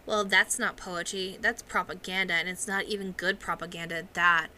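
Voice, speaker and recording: A woman doing a goat professor, male, gruff, indignant, lower voice, bright tone, audiobook. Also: fairly even intonation, normal speed, a little hiss or hum. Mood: scornful. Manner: gruff, outraged.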